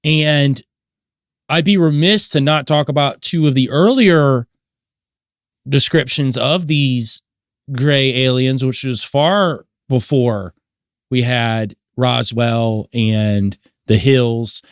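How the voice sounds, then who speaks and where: Brisk man laying out facts. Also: medium pitch, clear, resonant tone, no room sound, clean studio sound. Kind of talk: casual chat, explaining history.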